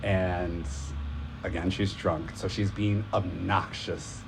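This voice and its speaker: A man's voice: low-pitched, level tone, slow pace, creaky, faint music behind. A man casually telling a rambling personal story at a live event, full of filler words and profanity.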